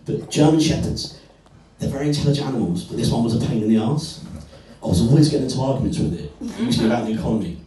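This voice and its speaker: A man's voice: mid-range voice, rapid-fire, mellow. Man doing wry stand-up in a club. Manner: wry, self-deprecating storytelling with crowd work. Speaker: stand-up comedian. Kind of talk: stand-up comedy set. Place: comedy club. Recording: echoey club, far from mic, crowd.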